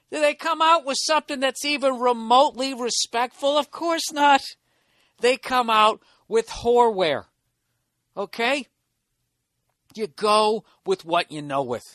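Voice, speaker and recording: A man's voice: fairly high pitch, fairly bright tone, no room sound, studio quality. A man hosting his own podcast from a hotel room, ranting in a sarcastic, profane, rambling way. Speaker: podcast host. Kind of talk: solo comedic podcast rant.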